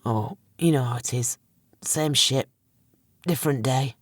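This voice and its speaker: A woman's voice: rumbling low, a little slow, dry recording, clean studio sound. A woman voicing a middle-aged male police chief, strained and heavy with emotion. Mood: desperate.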